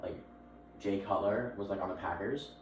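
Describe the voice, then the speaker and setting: A man's voice: low-pitched, normal speed. A young man co-hosting a casual sports podcast, rambling with restarts and lots of laughter. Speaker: podcast co-host. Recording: echoey room, far from the mic, faint noise.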